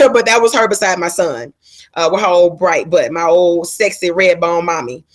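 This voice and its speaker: A middle-aged woman telling a storytime to camera, sassy and animated, laughing and acting out other people's lines in raised voices. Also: on the low side, moderate pace. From Georgia, USA. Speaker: vlogger.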